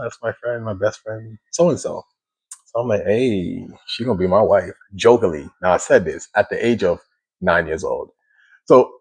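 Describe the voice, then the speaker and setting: A man in his thirties telling his personal testimony in a casual, conversational way, with plenty of fillers, restarts and slow reflective pauses. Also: low-pitched. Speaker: single dad sharing his testimony.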